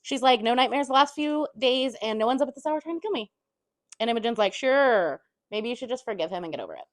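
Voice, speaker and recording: A woman's voice: on the high side, animated, fast talker, no room sound. A woman giving a casual chapter-by-chapter book recap, chatty, throwing in blunt swearing asides and half-acting the characters' lines.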